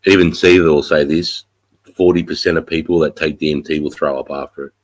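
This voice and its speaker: A man hosting a casual livestream chat, stuffed up from a head cold, swearing freely and clearing his throat often. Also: extremely low pitch, steady tone, a little fast, no echo, poor audio. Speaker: livestream host.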